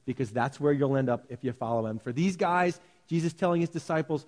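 A man's voice: fairly high pitch, steady tone, fairly quick, few pauses, a little mellow. A middle-aged man preaching a sermon in a church, talking plainly and now and then mimicking pompous prayers. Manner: conversational preaching with mock-pompous quoted prayers. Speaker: pastor. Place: church hall.

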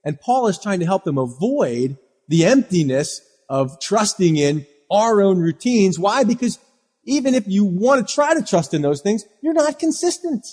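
A male pastor preaching a sermon, animated, acting out the voices of people he quotes. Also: sits high, normal speed, breathy edge. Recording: long hall reverb.

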